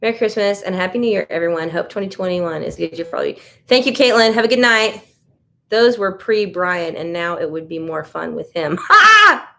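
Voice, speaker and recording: A woman's voice: lowish voice, expressive, brisk, vocal fry, bright, forceful tone. An American woman hosting a casual live stream, chatting loosely and reacting to viewer comments as she goes. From United States. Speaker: livestream host.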